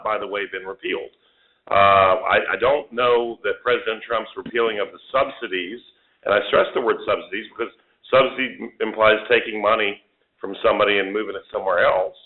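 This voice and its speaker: A man hosting a telephone town hall as a congressman, answering callers with policy points and frequent restarts. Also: mid-range voice. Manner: policy-heavy, many restarts and stressed points. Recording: phone line.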